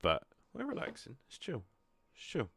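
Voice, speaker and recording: A man's voice: mid-range voice, huge pitch swings, normal speed, vocal fry, a bit bright, slightly rough, no room sound. A young man hosting a gaming video, chatting casually and self-deprecatingly with lots of ums. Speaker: gaming channel host. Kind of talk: casual gameplay chat.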